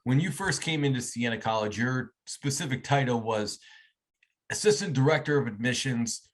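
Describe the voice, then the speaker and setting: A man's voice: mid-range voice, lively intonation, moderate pace. A man hosting an interview show, chatting enthusiastically with frequent restarts. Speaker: host. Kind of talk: interview chat.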